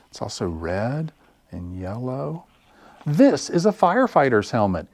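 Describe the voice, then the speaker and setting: A children's librarian reading picture books aloud at story time, slow and expressive. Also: male voice, mid-range voice, dry recording. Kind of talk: picture-book read-aloud.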